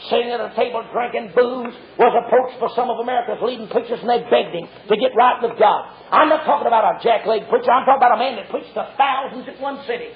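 Man, revival preacher, very high voice, shouting, muffled old tape. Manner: fiery, shouting, drawn-out emphatic lines. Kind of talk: revival sermon. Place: church before a congregation. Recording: dull lo-fi sermon tape.

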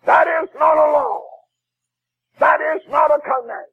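A man preaching a fiery sermon as a Baptist preacher, shouting with a crying preaching cadence. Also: very high-pitched, fairly even intonation, unhurried, vocal fry, narrow, tinny audio.

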